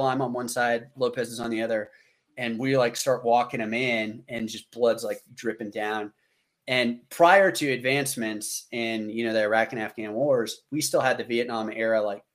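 A man in his thirties, a military veteran, telling a story casually and animatedly, lifting his voice to act out what people said. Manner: animated, acts out quotes with raised pitch.

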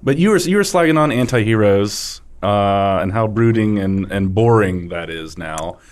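A man's voice: lowish voice, animated, moderate pace, clear, resonant tone. A man hosting a podcast in casual chat, steering the conversation to the next topic.

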